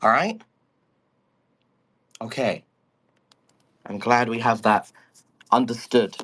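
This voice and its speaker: A man with a mid-range, fairly bright voice speaks slowly into a phone mic a step away in his room, with a faint hiss or hum present. It's casual live audio chat, and he rambles in swearing, exasperated, baffled bursts.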